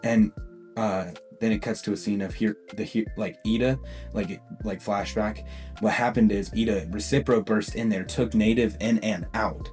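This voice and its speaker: Low-voiced young man rambling through a tale. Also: steady tone, normal speed, a little mellow, faint music behind. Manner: rambling, laughs often, self-correcting. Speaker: storyteller. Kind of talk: casual what-if narration.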